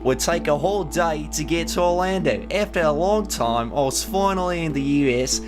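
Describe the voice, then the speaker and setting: A weary young Australian traveler, as a man puts him on for a fan story read-aloud. The accent is put on and a little rough around the edges. The voice sits higher and louder than the man's own. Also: lively intonation, moderate pace, music in the background, natural voice.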